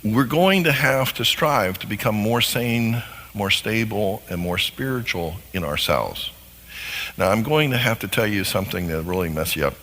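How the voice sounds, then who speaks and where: A man teaching on marriage as a counselor, sermon style, animated and acting out little scenes in different voices. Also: fairly low pitch, normal speed. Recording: long hall reverb.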